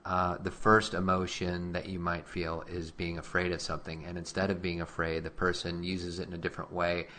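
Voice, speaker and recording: A man hosting a parenting podcast, telling stories from home in a reflective, soft-spoken way. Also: low-pitched, level tone, fairly quick, hardly any pauses, a little hiss or hum. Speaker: host. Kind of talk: casual podcast chat.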